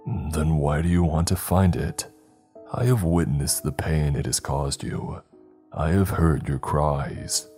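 A man voicing an ancient nameless being in a wall, with a deep, raspy voice and a slow, formal, curious manner. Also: dark tone, faint music behind. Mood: eerie, calm.

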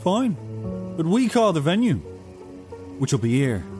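A terse Irish pub regular from an audio drama, his lines short but his pitch moving lively, set over a music score. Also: a little slow. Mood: dry. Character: Irish male singer, laconic drinker.

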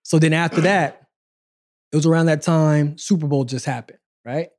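A man in his forties, hosting a podcast and casually telling his life story in a relaxed, conversational way. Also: on the high side, normal speed. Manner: relaxed, conversational, acts out quoted dialogue.

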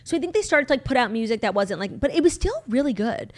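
Young american woman chatting on a podcast, kinda high voice, lots of likes and ums. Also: lively intonation, quick pace. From United States. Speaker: podcast co-host. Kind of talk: casual chat.

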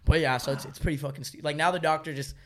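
A man's voice: on the high side, fairly even intonation, racing, fairly bright tone. A young man, telling a long story in slangy, rambling casual chat and laughing often. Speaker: storyteller guest.

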